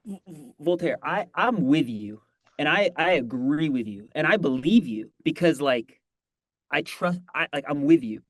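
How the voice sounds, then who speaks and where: A man hosting a podcast who asks questions in a casual, halting way, with frequent restarts. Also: on the high side, expressive, no echo. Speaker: podcast host. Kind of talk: casual interview.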